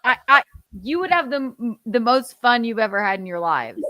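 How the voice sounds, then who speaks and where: A woman in her thirties co-hosts a podcast in casual chat, playful and quick to laugh. Her voice is bright and lively in pitch, and she talks at an unhurried pace. The sound is dry and close. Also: dry recording. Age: 30s. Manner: playful, bursts into loud laughter. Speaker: podcast co-host.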